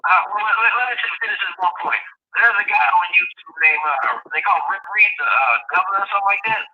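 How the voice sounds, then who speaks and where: A man's voice: high voice, fast, slight background noise. A man calling into a live stream, earnest and insistent, repeating his points over a muffled phone line. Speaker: caller. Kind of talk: casual call-in talk. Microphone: phone held close.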